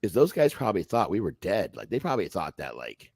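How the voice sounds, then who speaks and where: A man recounts a fight in a loose, profane podcast chat. His voice is gravelly and full of lively swings in pitch. The sound is dry and close to the mic. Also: fast, dry recording. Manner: animated, profane, acts out voices loudly. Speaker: podcast guest telling a fight story. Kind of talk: casual storytelling.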